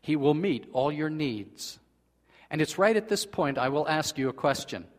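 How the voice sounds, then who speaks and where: A male pastor delivers a sermon with a somewhat high-pitched voice. He swings from loud, emphatic lines to hushed, quiet ones. His voice rings with the long reverb of a large church hall. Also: animated, moderate pace. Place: church sanctuary.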